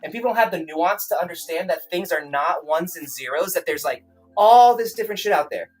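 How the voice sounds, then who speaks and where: A man's voice: a little high, expressive, a little fast. A man talks on a casual livestream, heated and profane, rambling and restarting his sentences. Faint music plays behind him. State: angry, then calming down. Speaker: streamer, self-published author.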